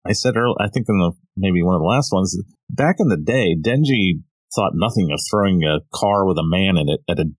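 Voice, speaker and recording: A man's voice: low-pitched, expressive, a little fast, no echo. A man co-hosting a podcast in casual chat, talking in a thoughtful, earnest way. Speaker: podcast co-host.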